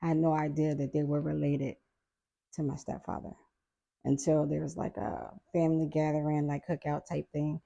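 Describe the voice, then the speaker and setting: A middle-aged woman with a low voice tells a story from her past in a relaxed, chatty way. Her voice has a gravelly fry and a husky edge. She acts out the people she quotes with lively little voices and laughs along the way. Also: moderate pace, muffled recording. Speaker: podcast guest. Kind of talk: casual storytelling.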